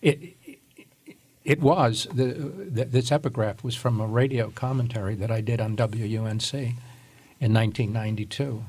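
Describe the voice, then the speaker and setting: A man's voice: medium pitch, fairly even intonation, moderate pace, a little mellow, slightly rough. An older man talking thoughtfully as a guest on a radio interview, laughing easily now and then. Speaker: guest, photographer and author. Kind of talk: reflective interview talk, with a read passage.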